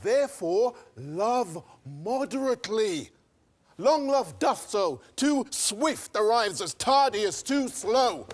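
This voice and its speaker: An actor playing a calm friar who gives measured counsel on an open-air stage. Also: mid-range voice. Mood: solemn. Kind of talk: stage acting in a Shakespeare play.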